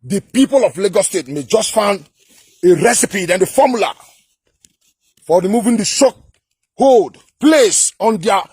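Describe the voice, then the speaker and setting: A man from Edo State in Nigeria, with a Nigerian accent, delivering a fiery, repetitive political rant to camera that at times turns to shouting. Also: high voice, husky, dry recording. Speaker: political vlogger.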